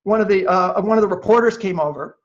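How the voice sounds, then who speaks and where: A man guest on a podcast, telling animated stories in a chatty way, full of fillers and restarts. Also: high-pitched, fast. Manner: lively, acts out quoted voices. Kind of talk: animated storytelling. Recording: dull lo-fi audio.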